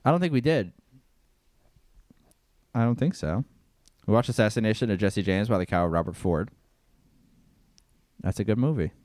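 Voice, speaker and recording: A man co-hosting a comedy podcast in casual, deadpan chat, swearing freely. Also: on the low side, normal speed, pauses often, dry recording, studio quality. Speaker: podcast co-host.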